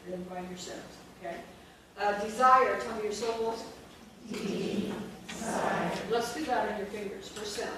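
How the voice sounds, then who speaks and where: A woman's voice: medium pitch, steady tone, a little fast. A woman leading a phonics training workshop for teachers, drilling sounds and syllables and quizzing the room. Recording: echoey room, distant mic, noisy.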